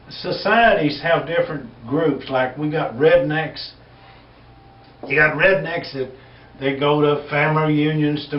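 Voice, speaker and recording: A man from Texas with a West Texas accent, telling folksy jokes in a rambling, drawling way and chuckling as he goes. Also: a little high. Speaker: comedian. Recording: echoey, distant, dull lo-fi recording with faint hiss.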